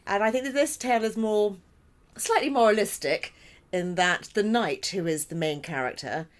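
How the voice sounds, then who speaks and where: A woman's voice: mid-range voice, normal speed. A woman actor chatting on a podcast about her stage role, talkative and apologetic, laughing between remarks. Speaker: actor in the company. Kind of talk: casual podcast chat.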